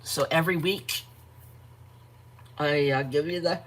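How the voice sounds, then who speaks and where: A woman hosting a live art stream, chatting casually, greeting viewers by name and pausing to yawn and correct herself. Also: deep voice, fairly even intonation, slight background noise. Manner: frequent yawns and self-corrections. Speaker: art channel host.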